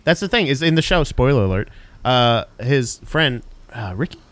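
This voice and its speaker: A man's voice: mid-range voice, moderate pace, dry recording. A man co-hosting a podcast, rambling through casual banter and swearing freely. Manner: rambling, animated, swears and laughs often. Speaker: podcast co-host.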